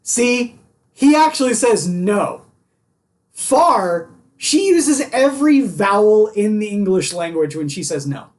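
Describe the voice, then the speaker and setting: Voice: mid-range voice, very animated, takes it slowly. Teasing Midwestern American streamer. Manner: chatty, teasing. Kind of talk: casual chat.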